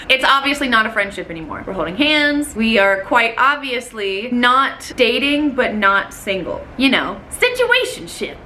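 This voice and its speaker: Lively, bright-voiced woman storyteller. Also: on the high side, moderate pace, hardly any pauses, a little hiss or hum. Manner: animated, dramatic, acts out quotes. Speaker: vlogger. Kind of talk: storytelling vlog.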